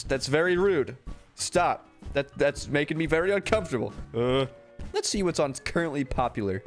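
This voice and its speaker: A young man giving casual gameplay commentary as a YouTube host, easily startled into yelps and nervous laughs. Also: a little high. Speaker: gaming YouTuber.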